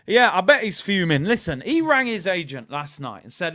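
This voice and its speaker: High-voiced animated man ranting. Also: moderate pace, hardly any pauses. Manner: animated, storytelling, rants with everyday analogies. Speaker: football channel host. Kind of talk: casual fan commentary.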